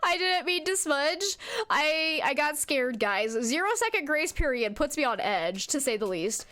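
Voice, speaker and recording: A woman's voice: sits high, very animated, measured pace, bright, forceful tone. A young woman streaming a horror game, chatting to her viewers and talking back to the ghost with jumpy outbursts. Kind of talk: live game commentary.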